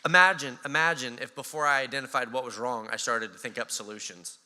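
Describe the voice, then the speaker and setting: A man with an American accent preaching a sermon as pastor, animated and acting out voices with a touch of sarcasm. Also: medium pitch, fast. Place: church hall. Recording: church hall reverb.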